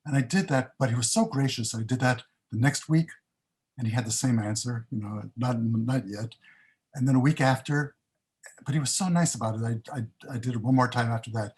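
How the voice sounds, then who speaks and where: A man's voice: medium pitch, fairly quick, darkish tone, husky. An older man on a panel, recounting his career in a rambling, self-interrupting way.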